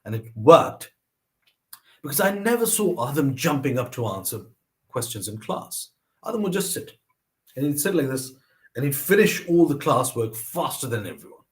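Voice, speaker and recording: Animated man telling personal stories. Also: normal speed. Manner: animated, acts out quoted voices with pitch jumps. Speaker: vlogger sharing lessons from his mother. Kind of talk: personal storytelling monologue.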